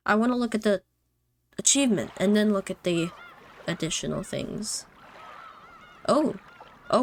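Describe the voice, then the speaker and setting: A woman casually commenting on a visual novel as she plays, excitable and thinking aloud. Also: mid-range voice, slight background noise. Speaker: let's-play streamer.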